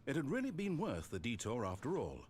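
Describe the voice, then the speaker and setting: A man voicing a dry male game narrator, speaking in a measured, wry and sardonic way. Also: medium pitch, huge pitch swings, a little mellow, breathy edge.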